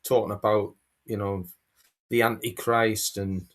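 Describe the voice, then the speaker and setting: A man speaking as a guest on a chat show, hesitant and halting, with many fillers. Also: fairly low pitch, steady tone. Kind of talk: casual chat.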